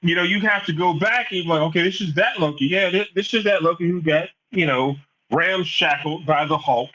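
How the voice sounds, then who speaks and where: Guy riffing on a tv episode, bright voice, keeps restarting and acting out lines. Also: on the high side, fairly quick, rough recording. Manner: animated storyteller, acts out quotes, many restarts. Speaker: podcast co-host. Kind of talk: casual chat.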